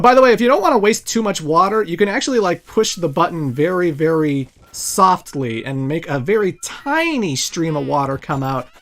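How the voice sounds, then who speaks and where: A man's voice: a little high, fairly bright tone. A man hosting a let's play, giving jokey, rambling gameplay commentary.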